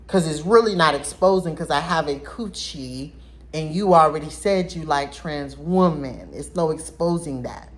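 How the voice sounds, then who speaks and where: A woman telling viewers a personal story in a casual vlog, talking in an animated, blunt way and addressing them directly. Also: sits low, normal speed.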